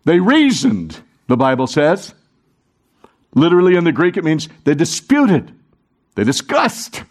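A man preaching a sermon to a congregation, animated, talking with the room and acting out the quoted voices. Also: a little high, a little slow. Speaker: pastor.

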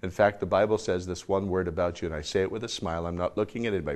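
A man preaching a sermon and leading prayer, dropping to a hush and then rising loud to coax the congregation. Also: low-pitched, very fast, few pauses. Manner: swings from hushed to loud, coaxing the congregation. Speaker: pastor. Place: church service in front of a congregation.

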